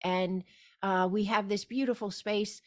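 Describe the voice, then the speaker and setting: A woman speaks at an unhurried, languid pace over a video call, leading a meditative spiritual gathering. Her pitch sits at a middling level for a woman, and she lingers on her vowels. She often breaks in with loud, emphatic cries of yes. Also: fairly even intonation. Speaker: spiritual teacher hosting a group meeting. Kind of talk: slow meditative spiritual talk.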